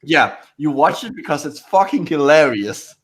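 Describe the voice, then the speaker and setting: A man's voice: on the high side, animated, normal speed. Teasing man on a group call. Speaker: panelist in an online hangout. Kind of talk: casual group chat.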